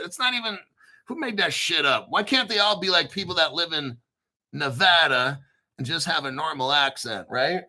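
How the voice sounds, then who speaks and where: A man's voice: a little high, expressive, moderate pace, bright, forceful tone. A man in his fifties hosting a crypto channel, ranting in a crude, foul-mouthed livestream style. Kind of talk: profane livestream rant.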